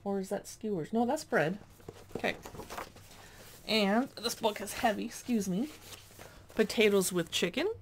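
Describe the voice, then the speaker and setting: A woman's voice: mid-range voice, unhurried, pauses often, slight background noise. A woman chatting casually as she pages through a cookbook, reading dish names aloud with little asides. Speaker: cookbook reviewer.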